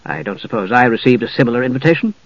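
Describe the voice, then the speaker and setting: Narrator playing a grim blunt older husband, mid pitch, dull dry sound. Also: male voice, expressive, very fast, no room sound. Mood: rueful. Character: grim, blunt aging half-elf husband.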